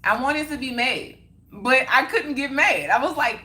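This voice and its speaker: A young woman hosts a casual livestream in a slightly high, sharp voice with lively intonation and a measured pace. Answering viewer comments, she speaks emphatically and repetitively, circling back to her points.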